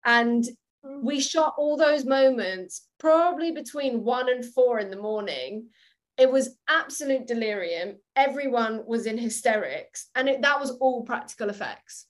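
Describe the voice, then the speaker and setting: A young woman telling stories from a film set in a casual interview. Her voice sits a little high and she laughs easily as she talks. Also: unhurried. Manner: giggly, animated storytelling. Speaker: actress, guest.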